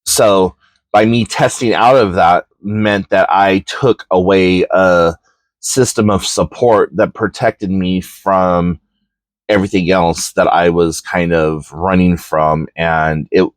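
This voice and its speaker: A man's voice: deep voice, fairly even intonation, slow pace, no room sound. A man hosting a podcast, telling a personal story in a candid, reflective way with frequent ums and likes. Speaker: podcast host.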